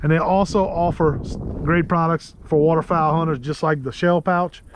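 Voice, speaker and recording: A man with a Louisiana accent hosting a casual outdoor vlog from a kayak in the marsh, chatty and quick to laugh. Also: a little high, fairly even intonation, slight background noise. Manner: chatty, laughs easily, rambling asides. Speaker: host.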